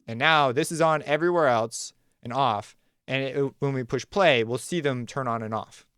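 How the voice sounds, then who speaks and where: A man hosting a music production tutorial, talking casually and thinking aloud as he walks through a software workflow. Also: medium pitch, normal speed, clean tone, no room sound. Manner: relaxed, conversational, thinks aloud while clicking. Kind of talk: screen-recorded software tutorial.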